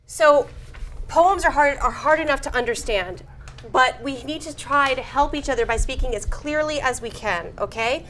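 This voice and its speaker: A woman teaching a class, speaking slowly and precisely in her teacher voice. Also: a little high, slight background noise.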